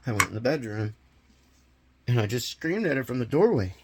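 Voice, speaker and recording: A man vlogging a personal confession, retelling events in an agitated, halting way with nervous laughs. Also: mid-range voice, big pitch swings, a little mellow, slight background noise.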